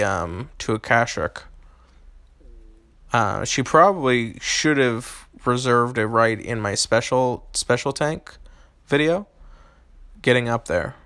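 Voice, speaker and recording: A young man chats with his live-stream audience between rounds of a game. He talks in a relaxed, halting way, full of ums and small restarts. His voice sits at an everyday middle pitch and sounds close and dry, with no room around it. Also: no room sound. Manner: hesitant, many ums and restarts. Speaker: game streamer answering chat. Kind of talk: casual live-stream chat.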